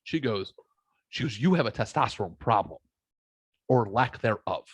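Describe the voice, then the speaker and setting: A man's voice: mid-range voice, lively intonation, normal speed, breathy edge, dry recording. A man in his thirties telling a story in casual podcast chat, blunt and profane, acting out both sides of the conversation. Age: 30s.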